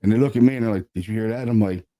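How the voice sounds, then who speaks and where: A man, a paranormal investigator, casually telling a story about an investigation, animated and sprinkled with swearing and fillers. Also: lowish voice, very fast.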